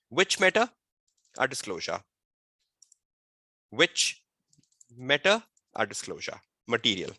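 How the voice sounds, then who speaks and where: A man tutoring an online exam-prep webinar, firing repeated rhetorical questions at students and dictating model answers slowly. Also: medium pitch, pushed and bright, no echo. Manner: slow, deliberate dictation of answer phrasing.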